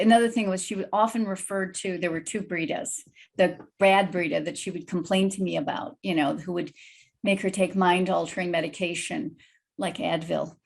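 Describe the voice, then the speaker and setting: A woman guest telling a personal story in a lively, vivid way on a video call podcast. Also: on the low side, vocal fry.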